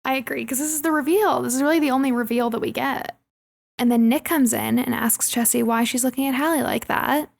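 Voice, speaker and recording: Young woman co-host, slightly high, gravelly, casual and chatty. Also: brisk. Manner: chatty, laughs often, acts out quoted lines. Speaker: podcast co-host. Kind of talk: casual movie recap chat.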